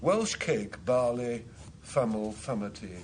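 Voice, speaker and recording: A man's voice: medium pitch, lively intonation, slow pace, a little hiss or hum. Wry man telling a tall tale. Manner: wry, anecdotal storytelling. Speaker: team captain. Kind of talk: panel game banter.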